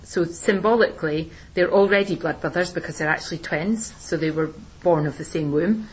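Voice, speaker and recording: A woman teacher explaining a play in a relaxed discussion, with plenty of ums and restarts. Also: fairly low pitch, normal speed, husky, poor audio. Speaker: English teacher. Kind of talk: recorded literature lesson discussion.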